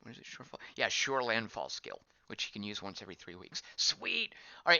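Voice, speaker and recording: Reacting to what's on screen, this streamer thinks aloud and wonders as he plays, keeping the commentary casual. He has a fairly low, creaky, sing-song voice with a sharp tone and talks a little fast, and the recording is a dull, lo-fi, dry voice track with no echo.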